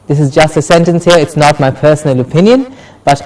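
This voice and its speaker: A man teaching English pronunciation, saying word pairs slowly and clearly and repeating them so each stress is heard. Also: fairly high pitch, recorded from a distance, rough recording. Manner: repeats words in pairs, stretching stressed syllables. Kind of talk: slow, deliberate pronunciation lesson.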